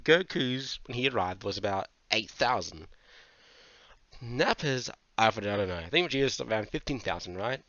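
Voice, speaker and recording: A man giving a casual manga review, animated, swearing freely and going off on tangents. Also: fairly low pitch, normal speed, no room sound. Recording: dull lo-fi dry mic.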